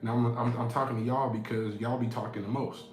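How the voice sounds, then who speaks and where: A man's voice: mid-range voice, little pitch movement, fairly quick, darkish tone. Preachy man in an echoey room. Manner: preachy, repeats key lines for emphasis. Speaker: inspirational speaker. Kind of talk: motivational talk to camera. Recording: echoey room with faint music.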